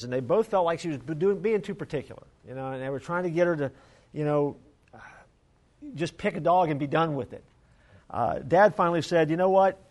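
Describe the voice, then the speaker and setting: Earnest pastor with a slightly high voice. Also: male voice. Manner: earnest, conversational, drops to a hush. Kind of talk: sermon storytelling and prayer.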